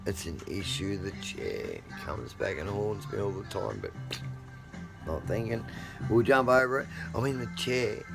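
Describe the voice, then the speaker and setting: Low-voiced, profane middle-aged man spinning yarns. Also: lively intonation, a little slow, gravelly, over loud music. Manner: rambling, profane, swings between loud outbursts and mutters. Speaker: vlogger. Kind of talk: casual storytelling.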